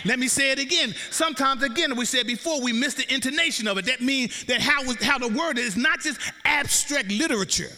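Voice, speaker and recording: A man preaching a sermon to a congregation, half-singing his phrases and rising into shouts, drawing call-and-response. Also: very high-pitched, fairly quick, hardly any pauses. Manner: chanting, sing-song delivery rising into shouts. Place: church sanctuary. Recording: long reverb of a large hall.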